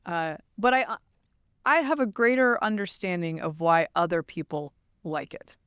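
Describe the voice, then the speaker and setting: A woman's voice: lowish voice, moderate pace, fairly bright tone, smooth, no room sound, studio quality. A woman hosting a casual podcast, with a wry, teasing way of talking. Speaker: podcast host. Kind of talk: casual chat.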